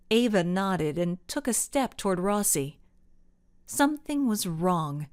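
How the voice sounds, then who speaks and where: A woman reading a children's mystery audiobook aloud as narrator, with expressive storytelling. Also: mid-range voice, a little slow, dry recording, clean studio sound. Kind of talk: scripted narration.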